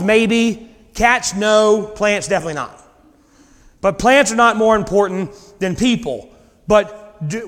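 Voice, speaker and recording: A man preaching a sermon, reading scripture and paraphrasing it with lively voices. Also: high voice. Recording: long hall reverb.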